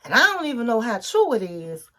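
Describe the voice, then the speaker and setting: A woman casually recapping a reality show, acting out the people in it and adding gossipy asides. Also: a little fast. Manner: animated retelling, acting out what others said with big pitch jumps.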